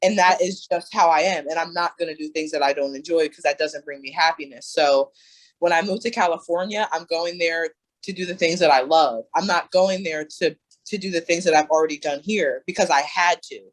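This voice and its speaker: A woman's voice: low-pitched, a little fast, low-quality recording. A young woman talking candidly as a coaching client, earnest and emphatic, with many fillers and restarts. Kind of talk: candid conversation.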